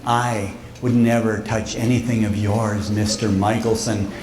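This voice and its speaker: A huge pet black bear, innocent and playful, speaks in a low, sheepish mumble, as a man puts him on. The voice drops below the storyteller's usual tone and goes soft and quiet. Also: little pitch movement, unhurried, roomy sound, a little hiss or hum, lightly acted.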